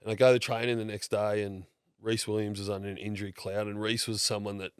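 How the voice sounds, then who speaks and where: Low-voiced Australian man telling stories. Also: little pitch movement, fast talker, smooth, dry recording, clean studio sound. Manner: blokey, swears freely, acts out quotes. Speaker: podcast guest. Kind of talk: casual storytelling chat.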